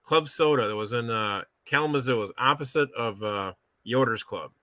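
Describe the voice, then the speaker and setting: A man chatting as a comedian guest, hesitant with fillers before lively anecdotes. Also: medium pitch, normal speed, no echo. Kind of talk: casual chat.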